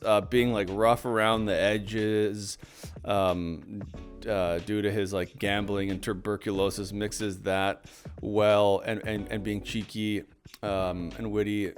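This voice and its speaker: A young man co-hosting a casual film chat, rambling with many fillers and restarts. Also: on the low side. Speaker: podcast co-host.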